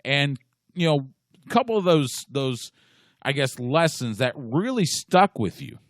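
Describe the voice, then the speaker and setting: Lively-voiced stammering male podcast host. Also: mid-range voice, unhurried, dry recording, studio quality. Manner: stammers and repeats words. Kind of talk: casual interview chat.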